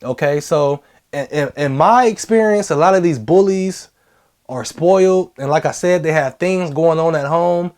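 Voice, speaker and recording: A man's voice: on the high side, moderate pace, a little mellow. A young adult man giving blunt, slangy advice in a casual vlog, repeating key phrases for emphasis.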